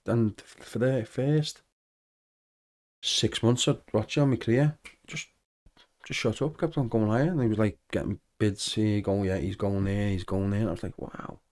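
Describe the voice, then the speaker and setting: A man, a former footballer, telling lively anecdotes in a casual podcast interview, acting out the dialogue. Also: fairly low pitch, moderate pace. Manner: animated anecdotes with acted-out dialogue.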